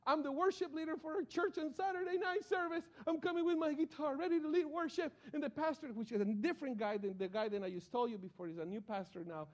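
A man preaching a sermon, telling a personal story in an animated, excitable way. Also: very high voice, fast talker, few pauses, dull audio. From Colombia.

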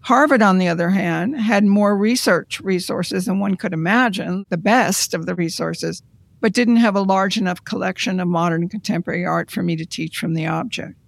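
An art conservator recounting their career in an interview, in a measured, reflective storytelling manner. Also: medium pitch, vocal fry, no room sound.

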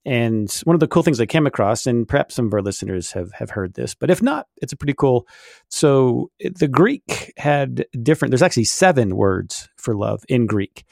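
A man's voice: medium pitch, very animated, moderate pace, creaky, darkish tone, dry recording, clean studio sound. A middle-aged man co-hosting a casual faith podcast, explaining at length with many fillers. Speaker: podcast co-host.

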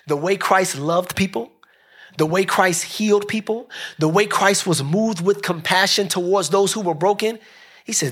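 A man preaching a sermon as pastor, building rhythmic repeated phrases and dropping soft and low for emphasis. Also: normal speed, breathy edge.

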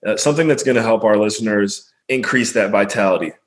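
Male podcast host, somewhat low voice, relaxed, laughs often. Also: fast talker, rough recording. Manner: easygoing, laughs often, many "like" fillers. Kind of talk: casual podcast interview.

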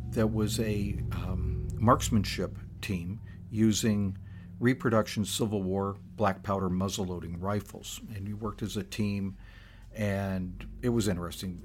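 Older man telling stories, low voice. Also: slight background noise. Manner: conversational with frequent restarts and asides. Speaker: podcast host. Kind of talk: casual personal storytelling.

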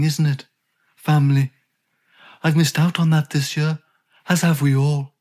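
A man's voice: a little high, a little mellow, pitched above the performer's own voice, close to an everyday voice. A man voicing a plain-spoken retired male rock guitarist, leaving a rambling message with dry grumbles. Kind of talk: comic recorded message.

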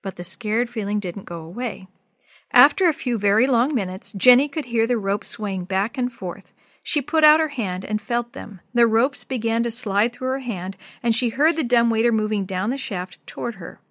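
A woman narrating a children's chapter book aloud in a clear, even storytelling manner. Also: fairly high pitch, normal speed, no room sound.

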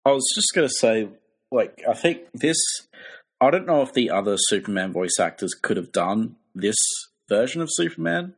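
A man in a casual podcast chat, speaking in a relaxed, hesitant way with fillers. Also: medium pitch, moderate pace, creaky, husky.

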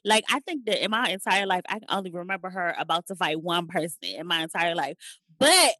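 A woman's voice: on the low side, lively intonation, brisk, pushed and bright, dry recording, studio quality. A woman chatting on a panel, telling emphatic stories about her mother. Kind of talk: casual chat.

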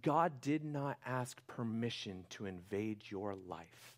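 A man's voice: on the low side, lively intonation, slow. Impassioned man preaching. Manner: impassioned preaching, swinging from quiet to loud. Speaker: pastor. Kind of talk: sermon.

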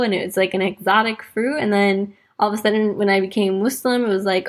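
A woman hosts a casual faith podcast with a husky, slightly breathy voice. She talks chatty and loose, peppering her sentences with "like", and slows down to let important points land. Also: medium pitch. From United States, raised in Wisconsin. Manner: chatty, fills speech with "like", slows to stress points. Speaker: podcast host. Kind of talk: casual faith reflection and storytelling.

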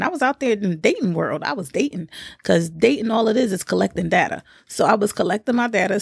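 A woman in her thirties telling a casual, slangy story, her pitch jumping up high whenever she quotes someone. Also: creaky, dry recording, studio quality. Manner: lively slangy storytelling with big pitch jumps when quoting. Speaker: vlogger.

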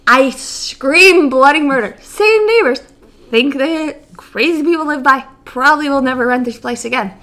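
A young woman co-hosting a casual chat, telling a story with lots of laughter. Her voice sits high and bright. She jumps into exaggerated voices whenever she quotes someone. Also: moderate pace. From Great Lakes region, USA. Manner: animated, laughing, acts out quotes with big jumps in pitch. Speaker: podcast co-host.

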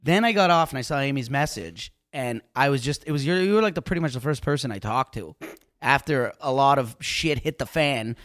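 A Canadian man chatting loudly in a podcast studio, his voice swinging up and down with lots of life. He projects like he's on stage and sits right on a close mic. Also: medium pitch, fairly quick. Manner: animated, loud, projecting. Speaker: guest comedian. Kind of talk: casual podcast chat.

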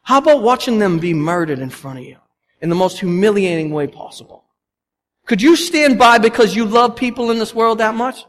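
An animated pastor gives a conversational sermon in a church sanctuary, telling stories with lively asides. His male voice is a little high and brisk, with long church reverb and faint background noise behind it.

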